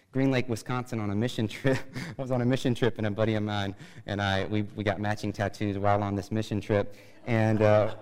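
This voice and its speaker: A man preaching a sermon, chatty and joking, rising to loud emphatic bursts. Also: medium pitch, long reverb tail, low-quality recording. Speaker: pastor.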